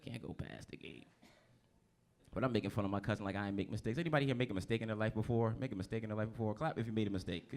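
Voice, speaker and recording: A man's voice: on the low side, fairly even intonation, racing, few pauses, darkish tone. A man from New Jersey doing a stand-up comedy set on a club stage, talking loosely and teasing the audience. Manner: loose, conversational, teases the crowd.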